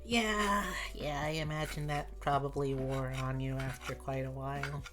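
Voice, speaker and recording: A woman's voice: extremely low pitch, moderate pace. A woman livestreaming who chats casually with her viewers while eating dinner and reads their messages aloud. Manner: relaxed, chats with viewers between bites, reads chat aloud.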